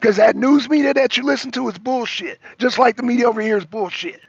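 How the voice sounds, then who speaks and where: Brief: American male talk show host, very high gravelly voice, dry close mic, heated repetitive political rant. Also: quick pace, dry recording, muffled recording. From United States. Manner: profane, repetitive, raising his voice. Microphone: streaming microphone.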